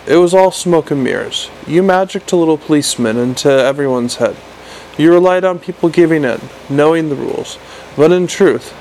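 A man's voice: medium pitch, darkish tone, poor audio. Guy narrating a fantasy audiobook, wry, trips over words sometimes, faint hiss behind. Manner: wry, with small stumbles and restarts.

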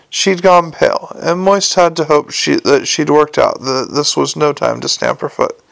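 A man narrating a fantasy audiobook in a measured, wry storytelling manner. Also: on the high side, fairly even intonation, gravelly, a bit bright, no room sound.

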